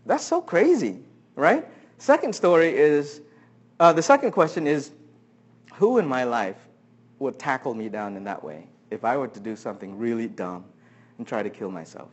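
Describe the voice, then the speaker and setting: A man's voice: medium pitch, sing-song, moderate pace, breathy edge. A pastor telling a story from his own life during a sermon, acting out what people said and laughing along the way.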